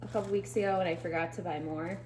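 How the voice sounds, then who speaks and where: A woman's voice: fairly low pitch, steady tone, fast talker, darkish tone, slight background noise. Tired woman rambling in a video diary. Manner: rambling, emotional, laughing through sadness. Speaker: vlogger recovering from surgery. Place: home kitchen.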